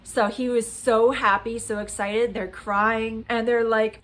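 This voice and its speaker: A woman in her late thirties casually telling a personal story to her phone camera, chatty and animated, acting out quoted dialogue. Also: on the high side, unhurried. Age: 30s. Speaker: vlogger.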